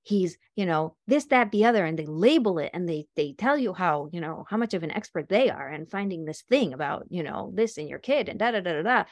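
Here a woman with a fairly low voice talks a little fast and with few pauses, recorded dry at studio quality. Giving an informal group talk on self-inquiry, she animatedly explains through examples and plays out brief scenes in character voices.

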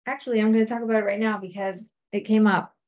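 A woman giving a motivational talk on marriage to a women's group, lively and conversational, acting out quoted voices and often checking in with "okay?". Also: mid-range voice, quick pace, muffled recording. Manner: animated, acts out quoted voices, frequent "like" and "okay?". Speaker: speaker addressing a women's group.

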